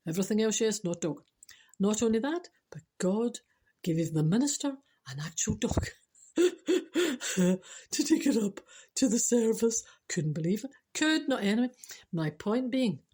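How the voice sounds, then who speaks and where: Older Scottish woman, vlogger: mellow husky tone, chatty storyteller with earnest spiritual asides. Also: mid-range voice, unhurried. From Scotland. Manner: chatty, laughing, animated storytelling. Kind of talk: casual storytelling to camera.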